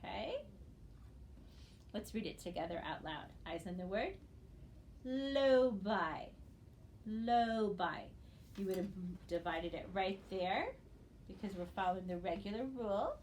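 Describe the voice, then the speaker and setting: A woman teaching a phonics lesson, sounding out syllables slowly and checking in with "okay?" after each step. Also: medium pitch, lively intonation, darkish tone, slight background noise. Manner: patient, checks in with frequent "okay?". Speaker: reading teacher.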